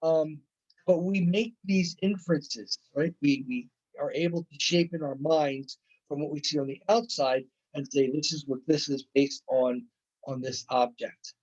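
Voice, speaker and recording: A man's voice: fairly high pitch, fairly even intonation, a little slow, a little mellow, highs cut off. A male college instructor giving a conversational lecture, often checking in with "right?" and acting out playful examples. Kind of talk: recorded classroom lecture.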